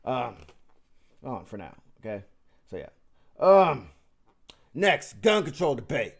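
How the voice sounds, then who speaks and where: A man's voice: medium pitch, big pitch swings, takes it slowly, creaky, slightly rough. A man ranting about politics in a vlog, emphatic and mocking, swearing heavily and rambling with restarts. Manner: rambling with frequent restarts and fillers. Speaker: vlog host. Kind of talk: profane political rant.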